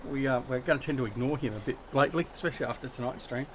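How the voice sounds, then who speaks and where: A man's voice: medium pitch, rapid-fire, slight background noise. An Australian man chatting casually with viewers while hosting a gaming livestream, greeting people by name and joking about himself. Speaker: livestream host.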